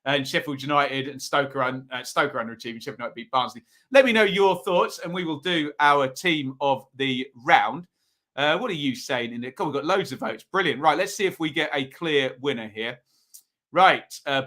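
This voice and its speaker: A man's voice: mid-range voice, normal speed, sharp tone. Chatty man hosting a football stream. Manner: chatty, reading out viewer votes, frequent ums. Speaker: football review host. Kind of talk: casual live-stream commentary.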